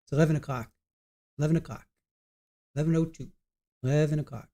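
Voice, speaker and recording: While waiting for a court hearing to resume, a man livestreams from his home computer setup, chatting casually with viewers in the chat. He trails off and restarts as he talks. His voice is fairly high and warm, with a steady tone and a fast pace.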